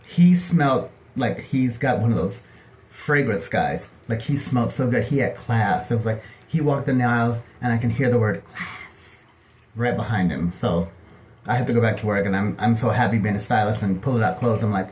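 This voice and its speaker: A middle-aged man telling personal stories in a casual, gossipy monologue, lively and animated as he acts out what people said. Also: medium pitch, brisk. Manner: chatty, gossipy, animated, acting out other people's lines. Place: home bathtub.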